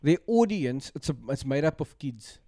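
A man's voice: a little high, moderate pace. A man with a South African accent, co-hosting a podcast in casual chat and keeping on checking that he is understood. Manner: animated, keeps checking he is understood. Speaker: podcast co-host.

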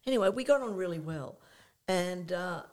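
An older woman, a guest in an interview who tells lively stories, acts out her own past thoughts and often says "you know". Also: on the low side, normal speed. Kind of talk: conversational anecdote.

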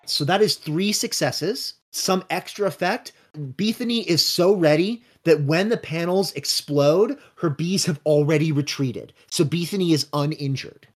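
A man running a tabletop role-playing game, narrating scenes and calling rolls in a brisk, matter-of-fact way. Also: on the high side. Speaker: game master.

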